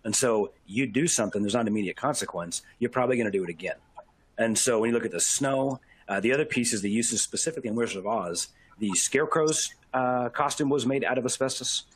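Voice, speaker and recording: Husky man explaining asbestos hazards. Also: mid-range voice, fast. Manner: explains and warns the audience, many "okay?" checks. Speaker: asbestos safety presenter. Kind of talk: casual presentation.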